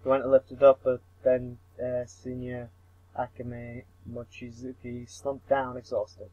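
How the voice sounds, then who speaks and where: A man's voice: mid-range voice, monotone, measured pace, mellow, no room sound, muffled recording. A young man reading a visual novel aloud for laughs, mumbling, tripping over words and swearing at himself. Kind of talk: comic read-through of a visual novel.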